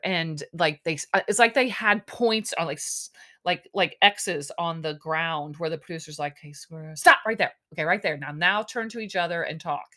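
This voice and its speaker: A woman with a slightly low voice hosts a casual podcast recap. She sounds exasperated and sarcastic, talking loosely with many fillers and little mock quotes. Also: a bit bright. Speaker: podcast host.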